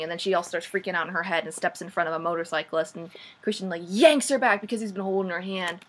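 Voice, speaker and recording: Sarcastic young woman vlogger, bright voice. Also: mid-range voice, brisk. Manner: sarcastic, says "like" often, animated. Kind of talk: casual book recap.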